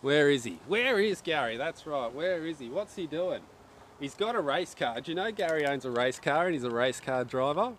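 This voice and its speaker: A man's voice: on the high side, lively intonation, moderate pace, fairly bright tone. Chatty man streaming live outdoors. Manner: chatty and joking, reads viewer chat aloud. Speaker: archery livestream host. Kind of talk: casual live-stream chat. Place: outdoors at an archery range in wind. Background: wind noise.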